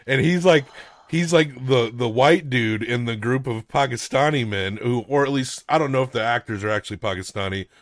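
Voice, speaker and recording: A man's voice: medium pitch, normal speed, no echo, clean studio sound. A young man hosting a casual movie review chat, rambling with lots of fillers and swearing. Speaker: podcast host.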